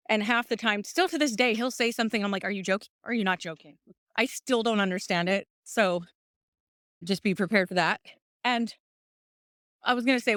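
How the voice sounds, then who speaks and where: A podcast host, a woman, chats in an upbeat, encouraging stream-of-consciousness way while walking up a hill outdoors, out of breath and recorded on a phone. Her voice is medium-pitched and fairly bright. The tone is clean, with no room sound and a clean studio quality.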